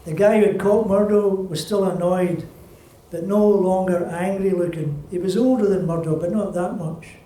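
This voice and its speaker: An older Scottish man, an author, reading from his novel in a plain, unhurried way at a festival event. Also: sits high, fairly even intonation, dark tone. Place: festival venue. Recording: roomy, distant live reading.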